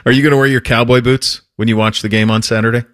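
A man's voice: medium pitch, fairly even intonation, fast talker. A man hosting a sports radio show, chatting in an easygoing, teasing way with his guest. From Montana. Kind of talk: casual sports talk.

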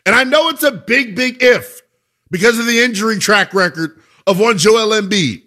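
A man's voice: high-pitched, expressive, moderate pace, bright, forceful tone. A man hosting a sports talk radio show, delivering an emphatic, conversational monologue full of rhetorical questions.

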